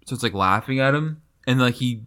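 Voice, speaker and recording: Animated man in casual book chat. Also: mid-range voice, brisk. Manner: animated, slips into mock voices and dramatic readings.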